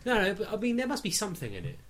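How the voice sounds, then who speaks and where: Young male podcast host, animated storyteller, expressive pitch. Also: very fast. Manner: animated, storytelling with lots of repeated "no, no". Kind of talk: casual chat.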